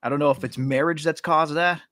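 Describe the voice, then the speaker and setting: A man's voice: a little high, steady tone, a little fast, sharp tone, no echo, clean studio sound. A man co-hosting a podcast in casual, teasing chat, laughing often. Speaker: podcast co-host.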